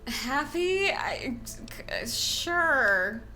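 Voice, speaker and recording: A woman's voice: sits high, big pitch swings, extremely slow, sharp tone, soft background music. A woman streaming a video game, chatting casually and with exasperation, swearing often. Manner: exasperated, swearing, frequent laughs.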